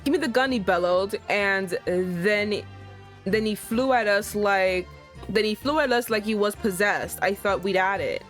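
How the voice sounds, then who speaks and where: A woman voicing a rough male thief witness with a put-on Cockney accent, gruff and rambling. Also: medium pitch, a little slow, soft background music, natural voice. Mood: nervous.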